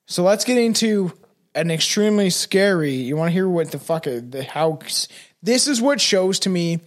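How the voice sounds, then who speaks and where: A man with a high voice hosts a loose, profanity-laced podcast. He walks his friends through a strange case in a chatty, storytelling way. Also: expressive, normal speed. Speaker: podcast host. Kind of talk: casual chat, drinking podcast.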